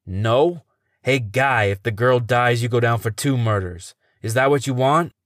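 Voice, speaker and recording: A man voicing an angry, gruff male detective who snarls and barks threats. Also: medium pitch, measured pace, a bit bright, no echo, studio quality, natural voice. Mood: threatening.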